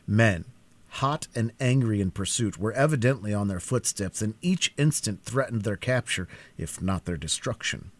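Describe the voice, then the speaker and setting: A man reading a classic novel aloud in a live cold-read, with a dramatic, expressive delivery. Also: on the low side, normal speed. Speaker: audiobook reader.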